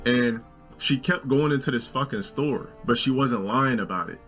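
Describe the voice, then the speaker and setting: A man in his forties telling a long personal story in a casual, profane, animated way, with faint music. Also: moderate pace. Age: 40s. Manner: animated, profane, jumps into shrill quoted voices. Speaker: storyteller in a video.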